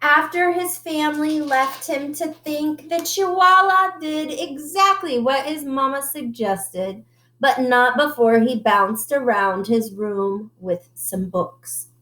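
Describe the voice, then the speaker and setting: Woman teacher, picture-book read-aloud, unhurried and engaging. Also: high-pitched. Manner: expressive, asks the children questions. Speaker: teacher reading aloud to children.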